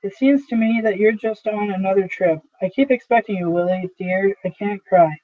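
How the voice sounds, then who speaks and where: A man's voice: sits high, moderate pace, recorded from a distance. A man reading the part of a grieving widow who pleads with her dead husband and breaks into sobs. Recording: tinny phone-like audio.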